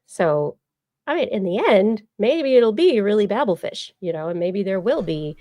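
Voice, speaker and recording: A woman's voice: medium pitch, expressive, normal speed, warm tone, no room sound, clean studio sound. A woman hosting a science podcast, explaining at length in casual chat with plenty of fillers. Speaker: podcast host.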